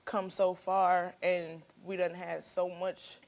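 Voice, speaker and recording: A woman in her thirties, a guest on a television talk show, telling her story in a chatty, animated way. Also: fairly low pitch, slow pace, vocal fry. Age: 30s. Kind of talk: casual talk show conversation. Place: television studio.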